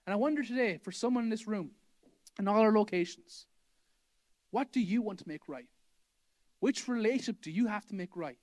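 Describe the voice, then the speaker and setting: A man's voice: high voice, a little fast, pauses often, a little mellow. A male pastor giving a sermon in a church, emphatic and repeating his key phrases for effect. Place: church hall.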